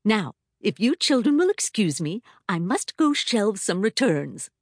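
A school librarian reads a fable to a room of children in a lively, sing-song storybook voice, voiced by a woman. She colors every line with swooping pitch. The sound is close and dry. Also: a little slow, no echo. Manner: expressive, dramatic storytelling. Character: warm school librarian reading a fable aloud. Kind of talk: reading a story aloud to children.

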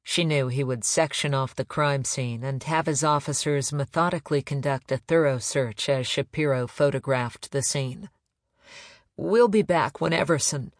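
A man reading a crime novel aloud in measured, even narration. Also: mid-range voice, no room sound, clean studio sound. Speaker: audiobook narrator.

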